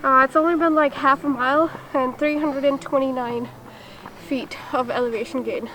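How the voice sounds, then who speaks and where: A woman's voice: high-pitched, fairly even intonation, normal speed, sharp tone, slight background noise, low-quality recording. A woman filming a casual vlog outdoors on a steep forest trail, out of breath and chatty, poking fun at herself. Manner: breathless, chatty, self-deprecating. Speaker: vlogger.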